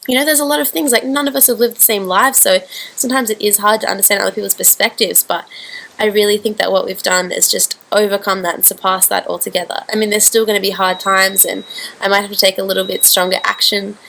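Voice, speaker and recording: A woman's voice: medium pitch, steady tone, quick pace, creaky, fairly bright tone, poor audio. A woman giving a heartfelt, rambling video message to an online group she founded. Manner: earnest, heartfelt, rambling with fillers. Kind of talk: direct-to-camera video message.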